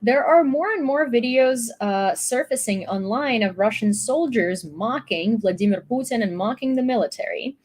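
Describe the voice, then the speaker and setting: A woman's voice: a little high, expressive, moderate pace, hardly any pauses, darkish tone. A young woman from Ukraine, chatting loosely through a news recap with fillers and restarts. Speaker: YouTube news host. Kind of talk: casual news commentary.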